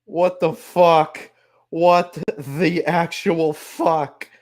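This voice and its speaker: A man's voice: a little high, little pitch movement, extremely slow. A man hosting a casual sports live stream, overwhelmed and near tears, laughing often and swearing as he thanks viewers. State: overwhelmed, shaky, close to tears.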